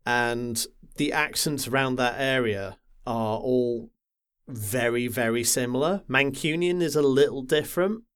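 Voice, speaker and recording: A man from the Wirral in England, chatting casually about a game on a podcast and rambling with lots of pauses and filler sounds. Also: medium pitch, fairly bright tone, smooth. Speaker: podcast co-host.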